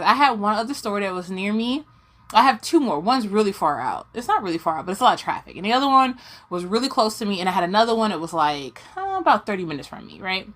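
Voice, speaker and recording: A woman's voice: medium pitch, fairly bright tone. A young woman vlogging about doll collecting, telling a long story in a casual rant and acting out her own confused reactions.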